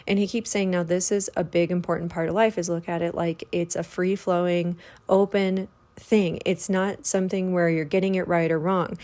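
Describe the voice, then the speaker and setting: A woman's voice: on the low side, flat delivery, normal speed, a little mellow. A woman hosting a spiritual podcast, relaying a spirit guide's words in a chatty, earnest, casual monologue with the odd swear word.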